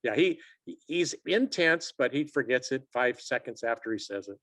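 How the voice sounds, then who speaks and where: Here the sports officials assignor, a man in his sixties, talks at normal speed with medium pitch on a dry recording. He's a lively guest in a casual interview, raising his voice whenever he acts out what people said.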